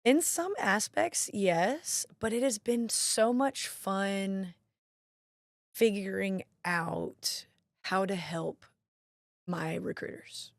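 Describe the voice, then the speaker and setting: A woman's voice: medium pitch, extremely slow, no echo, clean studio sound. A woman, a National Guard marketing director telling stories as an interview guest. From Mississippi. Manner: chatty storyteller, acts out quoted voices. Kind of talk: casual interview chat.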